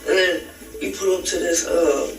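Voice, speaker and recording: A man being questioned in a recorded police interview, retelling events in a halting, rambling way with many restarts. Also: high-pitched, fairly even intonation, vocal fry, reverberant, far from the mic, faint music behind, poor audio.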